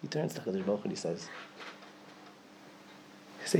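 Gravelly Yeshivish man telling a sermon story. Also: mid-range voice, sing-song, fast talker, pauses often, slight background noise. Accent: Yeshivish English, Yiddish and Hebrew words. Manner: storytelling, swings from loud to near whisper. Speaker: rabbi giving a talk.

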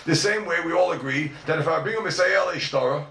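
A man races through a Talmud lesson, his pitch leaping up and down as he argues each point. He is heard from a distance in a roomy classroom, with faint ambience behind him. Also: animated, creaky, fairly bright tone, a little hiss or hum. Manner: rapid, questioning, sing-song give-and-take. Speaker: Talmud teacher. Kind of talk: animated Talmud class lecture.

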